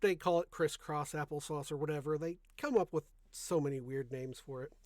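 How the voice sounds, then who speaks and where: Soft-spoken rambling young man, dry sound. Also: fairly high pitch, a little fast, dry recording. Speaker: podcast host. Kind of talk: casual chat.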